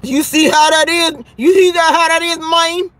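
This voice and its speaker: A woman's voice: extremely high pitch, fairly even intonation, normal speed, fairly bright tone, slight background noise. A woman hosting a casual livestream, chatting with viewers, laughing often and trash-talking bluntly. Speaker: livestream host.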